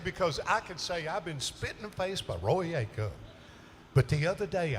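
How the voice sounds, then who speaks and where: A man, telling chuckling, animated stories from a concert stage between songs. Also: a little high. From southern United States. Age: 70s. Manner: folksy, chuckling, animated storyteller. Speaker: country singer on stage. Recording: live concert room noise.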